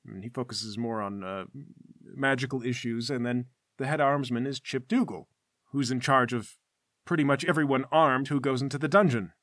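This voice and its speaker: A man's voice: mid-range voice, steady tone, moderate pace, a bit bright, dry recording, studio quality, natural voice. Man playing a flustered scholarly curator. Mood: explaining. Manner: hesitant, fussy explaining with restarts.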